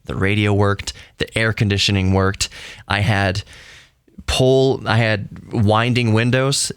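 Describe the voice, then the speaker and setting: A man's voice: lowish voice, no room sound, clean studio sound. A man hosting a solo podcast, rambling conversationally and often correcting himself mid-sentence. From United States. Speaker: podcast host.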